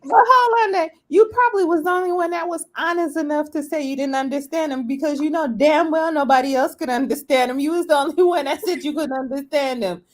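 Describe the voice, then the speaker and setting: A woman's voice: sits high, brisk, few pauses. A woman, talking emphatically in a casual group chat. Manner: emphatic, backchannels a lot. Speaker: co-host.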